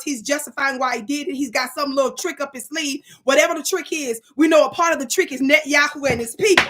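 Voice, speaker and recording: A woman's voice: high-pitched, pushed and bright. A woman hosting her own online show, talking to her live chat in an emphatic, preacher-like way and scolding commenters.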